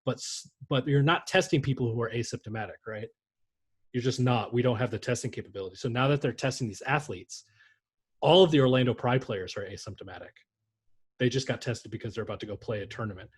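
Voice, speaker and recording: A man with a husky, slightly breathy voice rambles through sports news on a podcast. He jokes and swears freely in a loose, casual chat. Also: medium pitch, fast talker. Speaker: podcast co-host.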